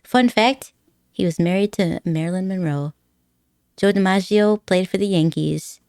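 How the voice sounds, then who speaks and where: In an unhurried, slightly mellow mid-range voice, a woman live streamer rambles and giggles while chatting with viewers. She laughs frequently and teases her chat playfully, and the studio sound is clean with no room reverb.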